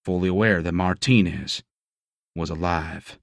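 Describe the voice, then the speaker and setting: A man's voice: low-pitched, fairly even intonation, measured pace, vocal fry, no echo, studio quality. A man narrating a first-person romance audiobook in a gritty, profane storytelling manner.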